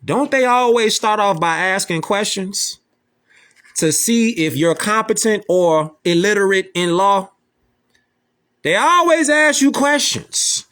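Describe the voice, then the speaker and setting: A man's voice: sits high, animated, slow pace, fairly bright tone. A man giving mocking, slangy reaction commentary as an online commentator, taunting and repeating himself.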